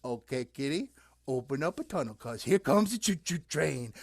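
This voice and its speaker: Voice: mid-range voice, expressive, moderate pace, no room sound, clean studio sound. Playful sing-song puppet show narrator.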